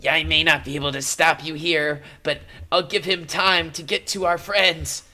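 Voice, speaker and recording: A man's voice: fairly high pitch, steady tone, moderate pace, sharp tone, voice pushed up. A man voicing a defiant male cultist who stands his ground to buy time for his friends. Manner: resolute, self-sacrificing.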